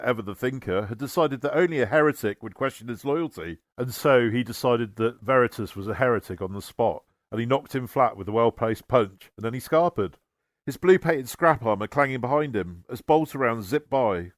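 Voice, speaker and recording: A man reading a humorous story aloud with wry, deadpan comic timing. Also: mid-range voice, no room sound, clean studio sound. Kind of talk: humorous scripted narration.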